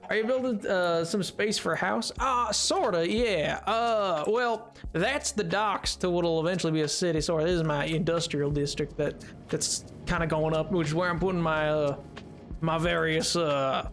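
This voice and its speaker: A man's voice: on the high side, moderate pace, a bit bright, soft background music. A man streamer chatting casually while playing a game live, rambling with stammered restarts and dry sarcasm.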